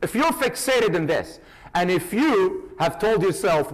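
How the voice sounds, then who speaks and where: A man giving a live trading seminar to an audience, animated and teasing, calling out to the crowd directly. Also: on the high side, moderate pace, low-quality recording. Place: conference hall with a live audience.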